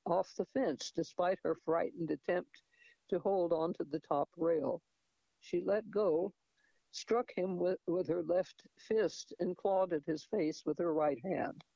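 Male reader, fairly high-pitched, close dry mic, dull lo-fi recording. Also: gravelly, dark tone, dry recording. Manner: hesitant, with restarts and asides. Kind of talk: reading a novel aloud.

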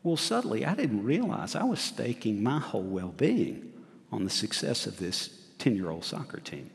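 A man's voice: lowish voice, sing-song, moderate pace, gravelly. A middle-aged man preaching a sermon, asking his congregation questions and laughing at himself as he tells a story. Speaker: pastor. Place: church sanctuary. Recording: long church hall reverb.

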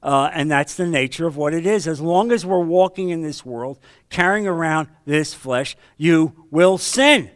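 A fairly high-voiced man teaching a men's Bible study like a sermon. He tells stories with energy and drops from a raised voice to a near-murmur. His delivery stays conversational and direct. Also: moderate pace. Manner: storytelling, acts out quoted voices, swings between loud and hushed.

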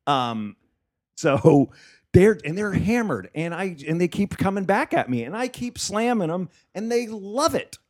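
Animated, swearing male comedian telling a story. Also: high voice, measured pace. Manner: animated, profane, laughs often while telling a story. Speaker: comedian and podcast host. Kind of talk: casual storytelling chat.

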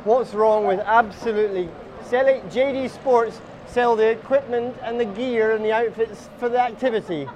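A man's voice: high voice, a little mellow, a little hiss or hum. A man leading a walking group outdoors on a city street, telling chatty, absurd comic stories and calling everyone guys. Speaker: comic tour guide.

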